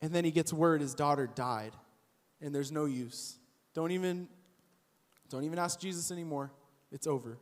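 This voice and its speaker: A young man giving a casual, animated youth sermon as a youth pastor, acting out the people in the story as he goes. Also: a little high, normal speed, long pauses. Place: church auditorium. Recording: long hall reverb.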